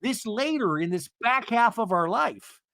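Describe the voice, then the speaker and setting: A man doing a comic impression of an excitable middle-aged husband, gasping out high exclamations. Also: unhurried, gravelly, no echo, clean studio sound, full character voice. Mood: gushing. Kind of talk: comic impression in podcast recap.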